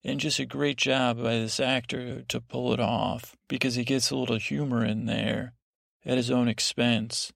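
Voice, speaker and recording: Gravelly-voiced man rambling to lull listeners. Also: medium pitch, little pitch movement, moderate pace, a bit bright, no echo, studio quality. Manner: meandering, digressive, with many restarts and fillers. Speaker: podcast host. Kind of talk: rambling sleep podcast episode recap.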